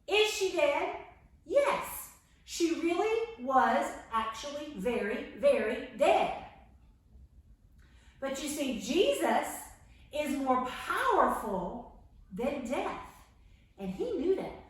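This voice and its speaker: A woman teaching young children, with a high voice that swoops up and down as she tells the story. She speaks loudly to reach a camera set across the room. The recording has heavy echo from the room. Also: slow, long pauses. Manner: animated, acts out voices of the story characters; talks loud to reach the camera. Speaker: children's Bible class teacher. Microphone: far camera mic. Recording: very echoey room, camera far off.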